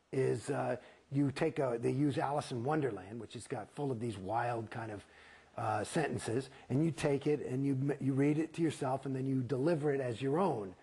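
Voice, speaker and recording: A man's voice: medium pitch, mellow. A man telling his story in an interview, blunt and profane, rambling through false starts. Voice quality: gravelly, husky voice.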